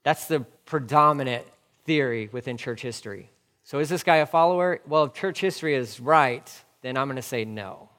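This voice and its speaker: A man's voice: mid-range voice, normal speed, a bit bright, in a large hall. A man preaching a sermon as a pastor, fired up, repeating his phrases and firing off rhetorical questions.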